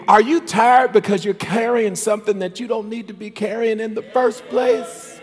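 Man preaching, high pitch, shouting call-and-response, long church reverb. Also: fairly even intonation, normal speed, hardly any pauses, soft background music. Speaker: pastor. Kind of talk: sermon. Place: church sanctuary.

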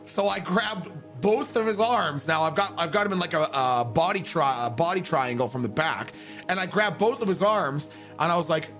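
Man, roleplay streamer, high and animated, profane storyteller. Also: normal speed, faint music behind. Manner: profane, emphatic, acts out quotes. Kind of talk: animated anecdote telling.

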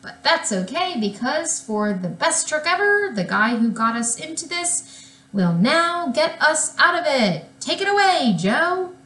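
Woman voicing a cocky young boy, showy, bluffing, high, roomy sound. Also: very animated, unhurried, fairly bright tone, heavily acted.

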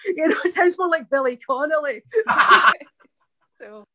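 Woman, voice actress guest, fairly high voice, rambly, laughs a lot, self-deprecating. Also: animated, a little slow, bright, forceful tone. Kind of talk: casual interview chat.

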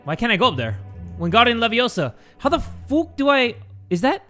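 A young man hosting a gaming channel, giving jokey, excitable horror gameplay commentary, swearing and yelling when startled. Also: extremely high pitch, fairly quick, soft background music.

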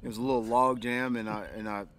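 An easygoing American man, a guest on a podcast, telling a story in a modest, unhurried way. His voice has an ordinary pitch. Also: level tone, fairly bright tone. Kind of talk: casual storytelling.

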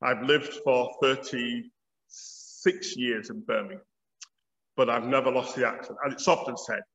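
A man's voice: medium pitch, fairly even intonation, measured pace, a bit bright. A man in his fifties with a Yorkshire accent, giving a public lecture as a theology professor in a wry, storytelling way. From Bradford, Yorkshire, England. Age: 50s. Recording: dull audio with long hall reverb.

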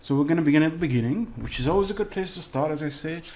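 A man's voice: a little high, expressive, rapid-fire, darkish tone, slight background noise. A man teaching a casual video lesson, rambling and hesitant, with fillers and small jokes. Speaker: language teacher.

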